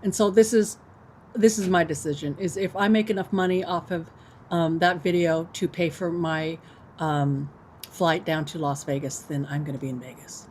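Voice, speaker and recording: A woman's voice: sits low, fairly even intonation, moderate pace, darkish tone, slight background noise. A woman in her fifties hosting a casual livestream, chatting with viewers in a rambling way full of fillers, her microphone set off to one side on her computer. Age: 50s. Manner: chatty, rambling, many fillers, eating while talking. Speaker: livestream host.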